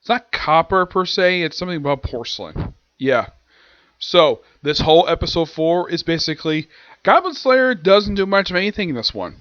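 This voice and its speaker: A man giving a casual, rambling episode recap and review, often restarting sentences and dropping into quick quoted lines. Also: on the high side, animated, a bit bright, dry recording, lo-fi sound. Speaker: anime reviewer.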